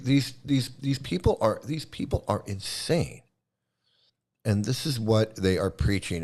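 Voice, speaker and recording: A man hosting a commentary video, ranting heatedly, swearing and repeating himself as he gets worked up. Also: fairly low pitch. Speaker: commentary host. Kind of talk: angry commentary rant.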